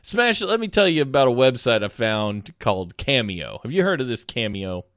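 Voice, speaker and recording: A man's voice: mid-range voice, very animated, moderate pace, a bit bright, clean tone, no echo, studio quality. A man hosting a comedic news podcast, talking casually with goofy, rambling asides and playful jokes. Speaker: podcast host.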